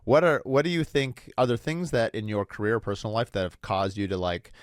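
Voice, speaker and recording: A man's voice: fairly low pitch, fairly quick, no room sound, clean studio sound. A man hosting a podcast interview, chatting casually and telling rambling, reflective stories. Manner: rambling, reflective, animated storytelling. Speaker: podcast host.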